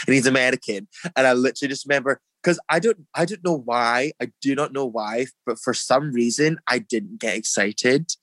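A man's voice: mid-range voice, a little fast, hardly any pauses, fairly bright tone, dry recording. A young Scottish man tells his story in a loose, chatty way, full of fillers and restarts. He jumps his voice up to act out what other people said. The sound is dry and close, with little room around it. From Scotland. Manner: chatty, filler-heavy, acts out quotes in a raised voice. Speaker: guest, drag performer. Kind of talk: casual storytelling interview.

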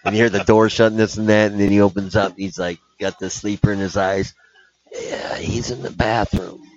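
Man, low voice, hockey coach, animated storyteller, laughs at his own jokes, dull lo-fi audio. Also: fast. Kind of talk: storytelling in a podcast interview.

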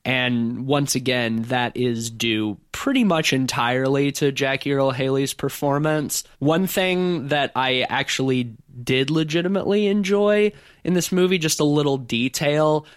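A man co-hosting a podcast, giving opinionated, animated takes on a horror film in casual chat. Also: mid-range voice, measured pace, clean tone, no room sound, clean studio sound. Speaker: podcast co-host.

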